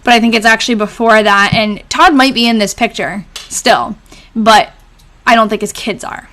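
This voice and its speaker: Young woman doing a chatty live stream, bit high voice, laughs a lot, answers comments. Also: moderate pace, bright, forceful tone. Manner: chatty, laughs often, reads comments aloud. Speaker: live stream host reading old diaries. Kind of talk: casual live stream chat.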